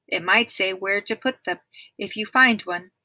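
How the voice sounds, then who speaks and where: A woman's voice: mid-range voice, normal speed, pushed and bright, no room sound. Woman reader doing a bossy eldest boy, dismissive and curt, dry close read. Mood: scornful.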